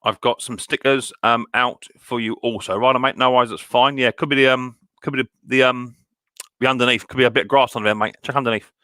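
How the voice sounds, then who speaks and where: A man's voice: mid-range voice, steady tone, brisk, sharp tone, no echo, studio quality. A man hosting a live stream. He greets viewers one by one by name in a casual style, with many fillers, and calls them mate and buddy boy. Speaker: mower channel host.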